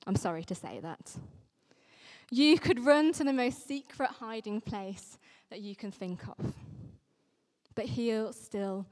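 A woman's voice: a little high, slow pace, a little mellow. A woman vicar giving an earnest, emphatic sermon. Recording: long reverberant hall sound.

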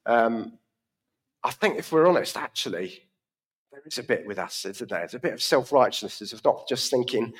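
A man's voice: mid-range voice, animated, normal speed, breathy edge. A man giving a conversational sermon in a church service, often asking the congregation questions. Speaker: preacher.

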